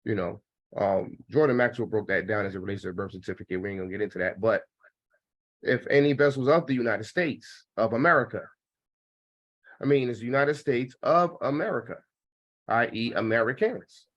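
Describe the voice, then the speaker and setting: A man's voice: medium pitch, a little fast. Man hosting a call discussion, muffled. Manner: leads the floor, calls on speakers. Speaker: host.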